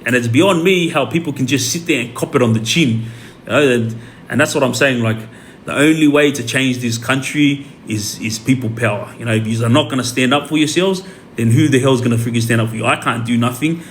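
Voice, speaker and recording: An Australian man speaks off the cuff to his livestream audience at an average pitch, looping back with "um" and doubled words as he goes. A faint hum of background noise sits under his voice. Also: a little fast. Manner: rambling, many fillers and repeats. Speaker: livestream host. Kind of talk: casual livestream talk.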